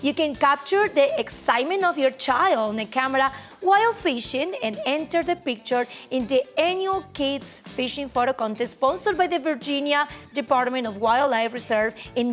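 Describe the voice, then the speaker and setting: Female co-host, high bright voice, lively and chatty; light music underneath. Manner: enthusiastic, frequent agreeing interjections. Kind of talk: casual chat.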